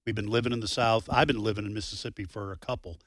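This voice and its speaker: A man co-hosting a talk radio show, telling stories and bantering on air in a lively way. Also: fairly low pitch, fast, no echo. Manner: lively anecdotal storyteller. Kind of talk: casual on-air banter and storytelling. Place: radio studio. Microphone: studio microphone.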